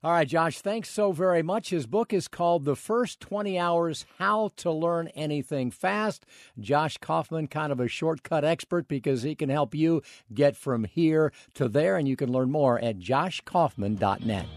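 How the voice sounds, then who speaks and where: A man's voice: on the high side, animated, unhurried, no room sound. Radio co-host guy, easygoing and chatty, dry sound. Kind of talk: radio show hosting.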